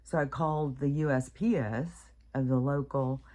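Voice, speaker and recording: A woman's voice: very deep voice, steady tone, normal speed, warm tone. A middle-aged American woman talking at home in a meandering, casual way, with many fillers and restarts. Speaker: vlogger. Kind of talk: casual rambling monologue. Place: at home, with her dog nearby.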